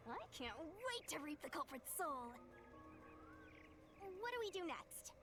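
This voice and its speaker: A woman's voice: sits high, very animated, measured pace. A woman voicing an impish female death spirit in a video game, teasing and playful, in a sing-song manner, with music behind.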